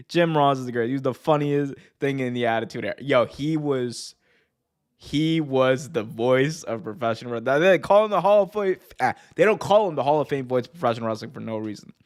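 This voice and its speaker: A man with a mid-range voice hosts a wrestling podcast in a casual, chatty way. He's excited and laughing, stumbling over restarts and shouting out commentators' famous lines.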